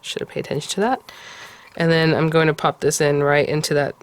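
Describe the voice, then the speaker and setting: A woman hosting a card-making tutorial, talking casually and often cooing softly over how cute the pieces are. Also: sits low, little pitch movement, a little fast, smooth. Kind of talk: casual crafting tutorial talk.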